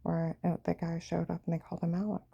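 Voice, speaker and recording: A woman's voice: on the low side, little pitch movement, quick pace, creaky, mellow, slightly rough, highs cut off. A woman telling a rambling, agitated personal story, often dropping into a half whisper.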